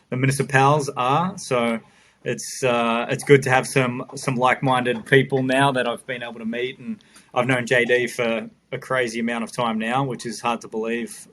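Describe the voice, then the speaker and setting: Flat-toned Australian man chatting. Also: mid-range voice, a little hiss or hum. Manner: halting, with many fillers and restarts. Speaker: podcast regular. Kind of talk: casual chat.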